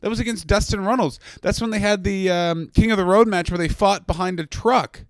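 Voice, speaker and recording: A man co-hosting a comedy podcast, telling stories in a profane, fast-talking casual chat. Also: sits high, dry recording. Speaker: podcast co-host.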